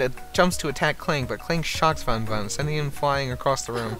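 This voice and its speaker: A man's voice: mid-range voice, unhurried. A man playing a dating game on stream, reading its text aloud and swearing through sarcastic commentary. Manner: profane, sarcastic, animated outbursts between flat reading. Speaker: streamer playing a visual novel. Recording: faint music behind.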